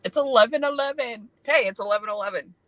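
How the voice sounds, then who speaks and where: A woman's voice: fairly high pitch, fast talker, a bit bright, dry recording. A woman co-hosting a podcast in casual chat, adding brief chuckling asides. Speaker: podcast co-host.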